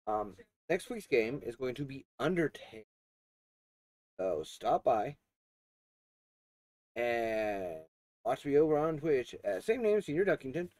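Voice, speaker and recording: A man talks through a video game review in a casual, meandering way, full of fillers and restarts. His voice swings lively up and down while staying mid-pitched. He coughs and clears his throat now and then. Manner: rambling, with many fillers and restarts.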